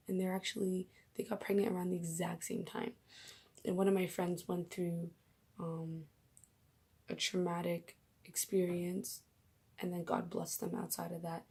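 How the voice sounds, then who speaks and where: A woman's voice: lowish voice, creaky, mellow, breathy edge. A young woman vlogging casually about her faith, emotional and gushing, often dropping into whispers.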